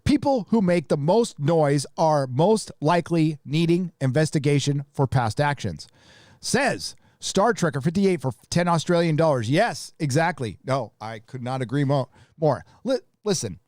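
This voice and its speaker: A man with a slightly high voice hosts a live stream in a casual, blunt way. He rants with plenty of swearing and reads out viewer donations. The sound is close and dry. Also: animated, a little slow, darkish tone, dry recording. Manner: blunt, profane ranting.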